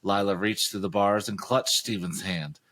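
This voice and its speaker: A man's voice: lowish voice, fairly even intonation, moderate pace, fairly bright tone. A man co-hosting a comedy podcast, reading a teen novel aloud with dramatic flair and mocking asides. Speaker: podcast co-host. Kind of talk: comic book-reading podcast.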